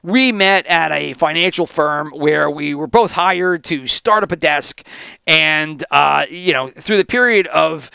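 Bright, gravelly-voiced man co-hosting. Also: on the high side, measured pace, dry recording, clean studio sound. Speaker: podcast co-host. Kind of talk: casual chat.

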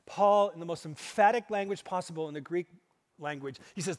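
A male pastor preaching a sermon, pressing hard on key words and then dropping to hushed, low asides. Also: normal speed. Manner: emphatic, swings between loud stresses and hushed low asides. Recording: long hall reverb.

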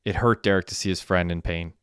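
Smooth low-voiced male narrator. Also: fairly even intonation, fast, fairly bright tone, no echo, clean studio sound. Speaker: audiobook narrator. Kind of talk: scripted narration.

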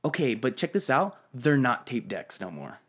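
A young man hosting a podcast, chatting casually and excitedly, swearing a lot and mimicking other people. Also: medium pitch, normal speed, husky. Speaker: podcast host. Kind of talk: casual chat.

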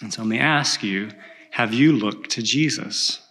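A pastor delivers an earnest, measured sermon in a church, his voice bright and forceful. His pitch sits in a middle range for a man.

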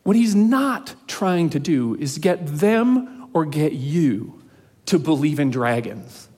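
A man preaching a sermon in an earnest, measured way, slowing down to stress key phrases. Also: a little high, expressive, a little mellow. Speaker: pastor.

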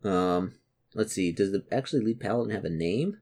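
A man's voice: fairly low pitch, brisk, darkish tone. A young man narrating as game master, rambling with many fillers and restarts.

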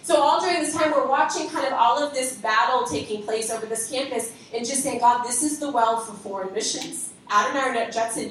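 Excitable woman telling a story in an echoey room. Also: on the high side. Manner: excitable, laughs often, acts out quoted voices. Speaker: speaker telling a testimony. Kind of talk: animated storytelling testimony. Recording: echoey room from far off, faint noise.

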